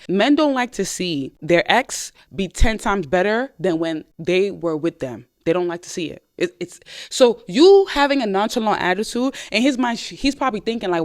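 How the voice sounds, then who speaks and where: A woman hosting a podcast, giving dating advice to listeners in an emphatic, casual way and repeating her points. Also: on the low side. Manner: emphatic, repetitive, addresses listeners directly; acts out short quoted lines in conversation.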